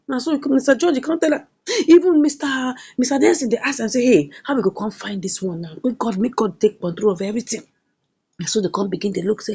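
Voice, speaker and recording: A woman's voice: high-pitched, lively intonation, quick pace, warm tone, slightly rough. A woman with a Nigerian Pidgin accent recapping a drama episode, acting out each character's lines in shifting voices. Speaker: movie reviewer.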